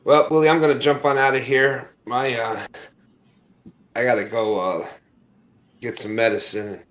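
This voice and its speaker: A man's voice: medium pitch, steady tone, normal speed, a bit bright. A man in a casual online group chat, speaking in an easygoing, friendly way. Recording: dull lo-fi call audio.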